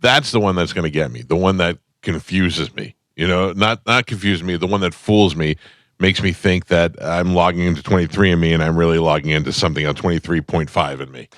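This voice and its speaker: A middle-aged man co-hosting a radio show, telling stories in a halting, rambling way. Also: deep voice, a bit bright, dry recording, studio quality. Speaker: radio co-host. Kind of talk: casual chat.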